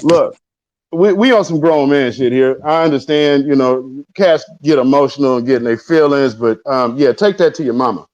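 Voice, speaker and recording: A man's voice: mid-range voice, moderate pace, darkish tone. A man hosting a casual audio chat, laid-back and emphatic as he moderates speakers. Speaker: host. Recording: dull lo-fi audio.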